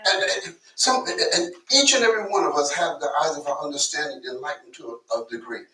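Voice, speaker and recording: A male pastor preaches in a high, bright voice, talking like he is telling a story to his people and often stumbling over repeated words. He is caught from a distance in an echoey church, with a faint hiss underneath. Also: sing-song, fast. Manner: conversational storytelling preacher, repeats words, asks the congregation to listen. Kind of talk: sermon. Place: church sanctuary.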